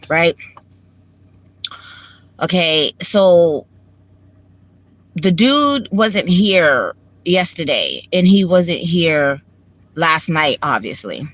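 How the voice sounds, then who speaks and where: A woman with a Washington DC accent vlogs on her phone from her parked car, chatting casually and emotionally in a candid, profane, rambling way. Her voice is on the low side and a bit bright, sing-song, slow, with long pauses.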